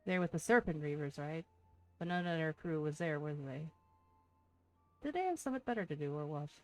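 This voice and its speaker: A woman voicing a coarse, scheming male tavern keeper in a rough put-on Irish-sounding brogue, reading game lines aloud. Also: mid-range voice, moderate pace, a little mellow, soft background music, natural voice. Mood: gruff. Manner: swearing, blunt, drawled.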